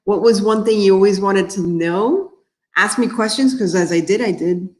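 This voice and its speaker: A woman's voice: mid-range voice, normal speed, a little mellow. Woman, from Miami, author hosting a livestream, chatty, rambling, answers viewer comments, echoey room. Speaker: author and crafting host. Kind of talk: casual livestream chat.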